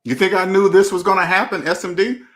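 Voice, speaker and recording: Guy ranting about money to camera, slangy and blunt, says stuff twice, voice sits kinda high. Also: fairly even intonation, fast, fairly bright tone. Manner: emphatic and preachy, repeats key phrases; blunt, slangy street talk. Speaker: personal finance channel host. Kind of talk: casual monologue to camera.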